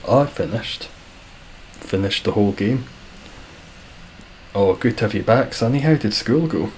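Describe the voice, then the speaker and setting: Scottish guy streaming and chatting w/ viewers, kinda low voice, dry jokey tone, bit of hiss behind. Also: expressive, unhurried, darkish tone, poor audio. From Scotland. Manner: dry, self-deprecating banter. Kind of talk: casual live-stream chat reading viewer comments.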